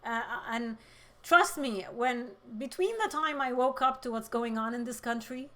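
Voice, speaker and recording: A woman hosting a political livestream, reading chat comments and speaking with emotion, close to tears, shifting between loud outbursts and quiet moments. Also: on the high side, measured pace. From Middle East.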